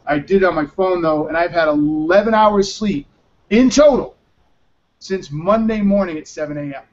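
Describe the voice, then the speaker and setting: A man's voice: a little high, brisk. Tired, rambling male show host. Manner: rambling, loose and profane. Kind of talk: casual live web show chat. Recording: dull lo-fi stream audio.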